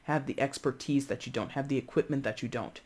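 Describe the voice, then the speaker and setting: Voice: medium pitch, a little fast, darkish tone. A chatty tarot reader giving a casual reading to viewers, rambling and searching for words aloud, often checking in with "okay?". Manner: addresses viewers directly, frequent "okay?".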